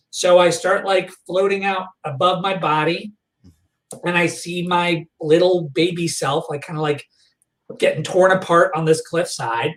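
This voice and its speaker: A man's voice: sits high, steady tone, fairly bright tone. Guy on a podcast telling a story, lots of "like" and restarts, roomy echo. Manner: halting, full of "like" fillers and restarts. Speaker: podcast guest. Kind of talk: retelling a personal memory in a podcast chat. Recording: echoey room, voice far from the mic.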